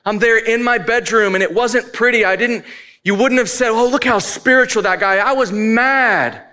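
A man's voice: very high voice, moderate pace, bright, forceful tone. A married man preaching a sermon, telling a personal story candidly and building to emphatic points. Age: adult, married. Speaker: pastor.

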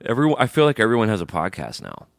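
Deep-voiced, emphatic podcast co-host man. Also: huge pitch swings, a little fast, gravelly, fairly bright tone, dry recording, clean studio sound. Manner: emphatic, swearing. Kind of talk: casual comedic chat.

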